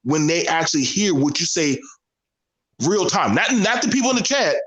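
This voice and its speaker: A man's voice: fairly high pitch, very animated, moderate pace, fairly bright tone, slightly rough, low-quality recording. A man with a Southern US accent speaking as a guest on a casual panel discussion, earnest and emphatic, often repeating his phrases.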